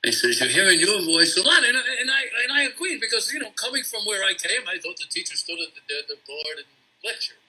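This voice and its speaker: Husky, bright-voiced man telling a story. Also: sits high, big pitch swings, low-quality recording. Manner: halting, with many restarts and repeats. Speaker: interview guest, former teacher. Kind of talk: emotional personal storytelling.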